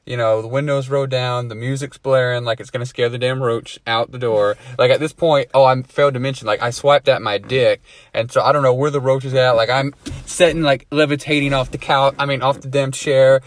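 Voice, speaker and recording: A man's voice: medium pitch, steady tone, a little fast, no room sound. A man telling a story to a friend in a casual chat, swearing freely and laughing at himself. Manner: swears a lot, laughs at his own story.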